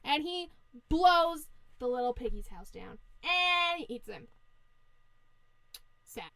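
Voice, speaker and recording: A woman's voice: high-pitched, sing-song, slow, fairly bright tone, no room sound. A woman podcast host casually retelling a fairy tale in a profane, slangy, playful way. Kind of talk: casual storytelling chat.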